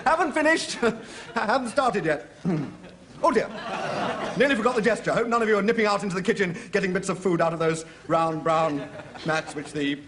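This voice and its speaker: Rambling giggly presenter. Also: male voice, high voice, animated, normal speed, background noise. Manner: rambling, self-interrupting, giggly. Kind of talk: comic TV monologue.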